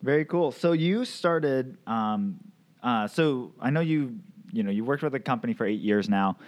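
A man's voice: medium pitch, lively intonation, normal speed. A man hosting a casual interview podcast, giving upbeat introductions and asking friendly questions. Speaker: podcast host.

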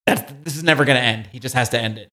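A man co-hosting a podcast, recapping a comic book in an animated, casual way, now and then swearing. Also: mid-range voice, rapid-fire. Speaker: podcast co-host.

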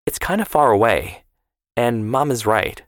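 A man's voice: medium pitch, expressive, a little slow, dry recording, studio quality, pitched above the performer's own voice, natural voice. A man reading the part of a polite, eager-to-please teenage girl who answers hesitantly. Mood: earnest.

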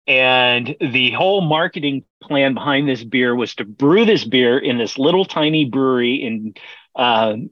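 A man's voice: mid-range voice, measured pace, no echo. Middle-aged man, brewer guest, rambling, many fillers, dry sound, slightly muffled. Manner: rambling, self-interrupting with frequent fillers and laughs. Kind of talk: casual storytelling interview.

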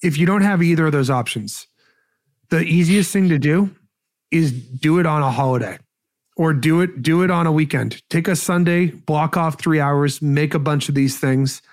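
Brief: male guest, slightly higher voice, quick energetic advice, lots of restarts. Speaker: podcast guest, sales expert. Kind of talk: casual advice talk.

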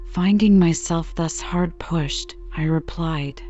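Woman, sleep-podcast reader; low, mellow, dull lo-fi audio. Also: level tone, unhurried. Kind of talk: calm bedtime audiobook reading.

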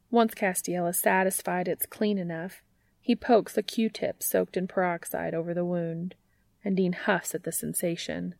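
A woman narrating a fan fiction story in a calm, intimate storytelling manner. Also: on the low side, gravelly, no room sound, clean studio sound.

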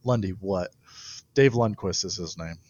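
A young man, a baseball pitcher, telling stories in a casual interview and laughing often. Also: measured pace, darkish tone, no echo, lo-fi sound.

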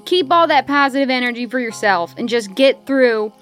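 A woman's voice: high-pitched, normal speed, fairly bright tone, soft background music. A woman playing a druid character who rallies her people in a folksy, earnest speech. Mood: rallying. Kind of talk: tabletop role-play.

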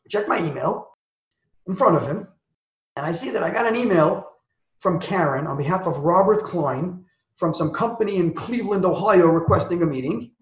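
A man telling a personal story as an interview guest, acting out the dialogue in quick, animated bursts. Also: sits high. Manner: acts out quoted dialogue, talks in quick bursts. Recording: echoey, dull lo-fi sound.

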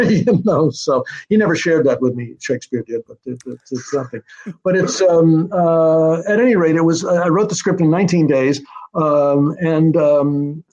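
A man's voice: fairly high pitch, husky. An older man, a screenwriter guest, tells stories in a rambling way, with many fillers and restarts, and sometimes taps out a rhythm aloud. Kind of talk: anecdotal storytelling interview. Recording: dull lo-fi sound.

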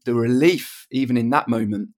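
A man in his forties, a podcast guest, candidly telling a personal story in a halting, reflective way with many restarts. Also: medium pitch, darkish tone.

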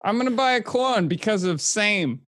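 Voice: medium pitch, expressive, moderate pace, a bit bright. Curious player full of questions. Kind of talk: casual tabletop play.

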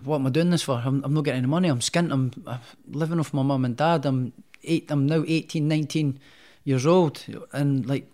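A young man chats through his boxing career, his stories rambling with a lot of restarts. His voice sits at a middle pitch for a man, loose and unscripted. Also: brisk, few pauses. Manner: rambling, animated storyteller with many restarts. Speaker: professional boxer, guest. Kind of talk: casual storytelling interview.

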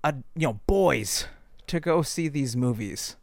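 A man co-hosting a casual comedic chat, cutting in with quick jokes and references. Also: on the high side, expressive, vocal fry, no echo, clean studio sound. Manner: quick joking interjections. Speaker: podcast co-host.

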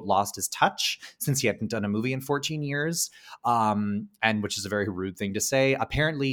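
A man's voice: mid-range voice, a bit bright. A man co-hosting a podcast, chatting casually about films, with lots of "like" and "um" and the odd swear word. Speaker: podcast co-host. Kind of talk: casual film discussion.

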